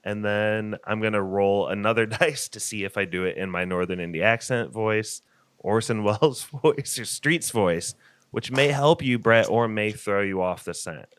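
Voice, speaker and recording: A man with a Northern Indiana accent hosts a casual podcast chat. His voice sits a little low, and he runs a quiz with lively energy, breaking into laughs between explanations. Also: moderate pace, clear, resonant tone. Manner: energetic, laughs often while running a game. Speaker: podcast host.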